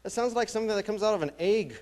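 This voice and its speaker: A young man from New Mexico doing a stand-up comedy set with a deadpan, wry delivery. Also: high-pitched, racing. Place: small college theatre stage.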